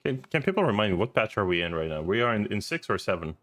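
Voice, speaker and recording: A man's voice: lowish voice, big pitch swings, fast talker, a bit bright. A man streaming and reacting to a video in casual, rambling commentary, swearing often and laughing easily.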